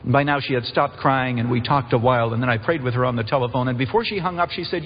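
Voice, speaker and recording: A man's voice: mid-range voice, fast talker, a little hiss or hum. Storytelling man preaching in a hall. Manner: storytelling preacher, animated quoting. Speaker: pastor. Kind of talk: sermon. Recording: muffled hall recording, long reverb.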